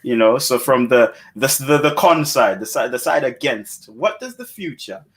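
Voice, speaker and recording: A man's voice: medium pitch, lively intonation, moderate pace, a bit bright. A man hosting a panel discussion who moves the talk along and reads out viewer comments. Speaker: host.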